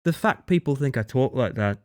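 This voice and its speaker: Male streamer with a lively, bouncing pitch, rambling and self-mocking on a desk mic. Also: fairly quick. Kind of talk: casual stream sign-off chat.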